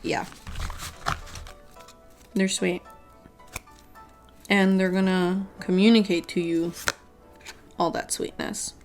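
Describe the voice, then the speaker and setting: A woman's voice: mid-range voice, level tone, slow, long pauses, a little mellow, soft background music. Playful, laughing woman reading tarot. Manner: playful, laughs often, swears freely. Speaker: tarot reader.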